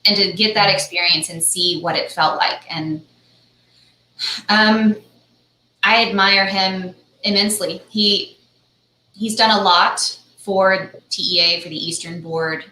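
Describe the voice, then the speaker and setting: A woman's voice: on the low side, steady tone, moderate pace, bright, forceful tone, a little hiss or hum. A woman guest, an architect, earnestly telling a personal story in an interview over a video call. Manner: earnest, grateful, frequent restarts. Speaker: guest, architect and project manager. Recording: echoey room.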